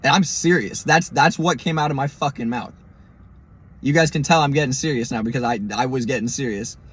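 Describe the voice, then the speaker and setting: A man hosting his own podcast, telling listeners a first-person road story in a casual, profane, animated way. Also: medium pitch, a little fast, husky. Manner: speaks straight to listeners as "guys". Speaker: podcast host.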